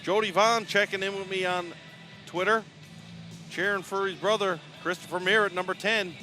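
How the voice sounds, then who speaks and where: A man with a Newfoundland accent calls live play-by-play from high up in an arena. His voice sits a touch high for a man and rings bright and forceful. He keeps things folksy and chatty, with faint music somewhere behind him. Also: steady tone, moderate pace. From Newfoundland, Canada. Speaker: play-by-play commentator. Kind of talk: live sports play-by-play commentary. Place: commentary spot at the top of an indoor arena.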